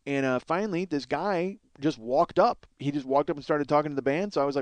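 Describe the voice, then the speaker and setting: A fairly high-pitched man in his 30s talks fairly quickly on a dry recording. He hosts a podcast and rambles through a lengthy solo story, cursing often and mocking himself along the way.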